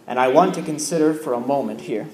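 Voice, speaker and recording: A man preaching a sermon as pastor, measured and emphatic, with repeated phrases and pauses. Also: mid-range voice, darkish tone, reverberant. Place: church.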